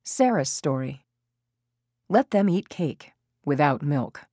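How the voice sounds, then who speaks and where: A woman's voice: low voice, expressive, slow pace, dark tone, husky, no room sound, clean studio sound. A woman narrating a parenting audiobook, reading expressively and acting out quoted lines.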